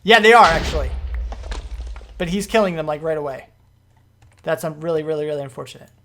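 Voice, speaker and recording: A man commenting on his own gameplay as he plays, rambling through explanations and breaking into panicky, excitable outbursts. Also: fairly high pitch, a little fast, noisy background. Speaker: gaming video host.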